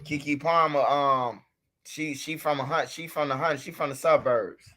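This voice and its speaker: A man's voice: a little high, fairly even intonation, unhurried, pushed and bright. A man hosting a livestream, telling a story and talking straight to his chat in a loose, profane way. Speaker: livestream host. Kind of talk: casual livestream commentary.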